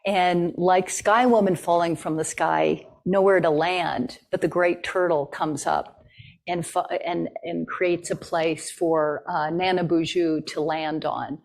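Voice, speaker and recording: A woman's voice: lowish voice, fairly even intonation, slow, vocal fry. A woman giving a talk and telling a traditional story in a conversational way, with fillers. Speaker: guest speaker.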